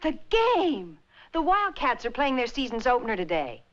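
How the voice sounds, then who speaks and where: A man doing a shrill fretful mother. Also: wildly swooping pitch, moderate pace, fairly bright tone, highs cut off, heavily acted. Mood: anxious. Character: fretful overprotective mother and calm housewife.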